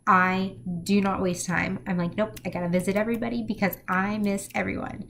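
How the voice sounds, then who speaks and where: A woman's voice: mid-range voice, fairly even intonation, a little fast, vocal fry, fairly bright tone, slight background noise. A middle-aged woman talking through a personal vlog in an emotional, heartfelt way, rambling with many fillers. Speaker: vlogger.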